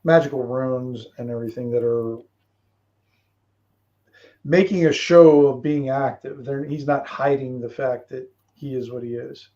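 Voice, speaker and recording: A man narrating as game master of a tabletop game in a relaxed, rambling way. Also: mid-range voice, unhurried, highs cut off.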